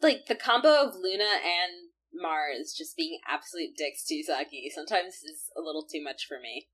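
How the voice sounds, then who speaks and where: A woman co-hosting a casual podcast, retelling an episode with animated play-acting of the characters' lines. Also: deep voice, moderate pace, slightly rough. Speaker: podcast co-host. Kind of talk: casual chat recapping an anime.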